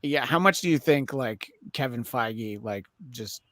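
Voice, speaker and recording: A man joining a podcast chat, delivering sarcastic jokes deadpan. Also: medium pitch, measured pace, dry recording, clean studio sound. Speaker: podcast panelist. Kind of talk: casual chat.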